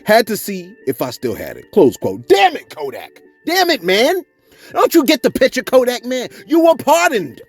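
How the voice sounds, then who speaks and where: A man hosts celebrity gossip commentary in a slangy, chatty manner and keeps checking in with his viewers. His voice sits high and leaps all over the place. Faint music plays underneath. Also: breathy edge. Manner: animated, slangy, repeats "you see what I'm saying". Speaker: host of celebrity gossip channel.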